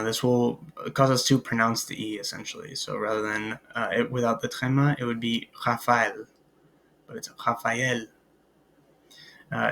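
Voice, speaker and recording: A man records a French lesson for his students, hesitant and full of ums and uhs as he spells names out one letter at a time. His voice has a gravelly, fry-laden texture, and he talks at an unhurried, slow pace. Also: medium pitch, fairly bright tone. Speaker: French teacher.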